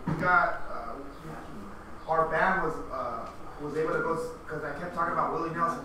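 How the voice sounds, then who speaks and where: A man's voice: fairly high pitch, moderate pace, noisy background. Chatty young man in an echoey room. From California. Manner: animated, chatty. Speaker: study group member. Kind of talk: casual storytelling. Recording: echoey room, far from mic.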